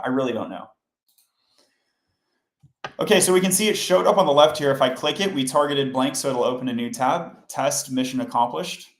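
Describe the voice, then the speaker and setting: Casting note: male livestream coding host, mid-pitched, casual and explanatory, recorded in a roomy space. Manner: chatty, explains step by step, talks to chat. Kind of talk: casual live coding tutorial. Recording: roomy echo.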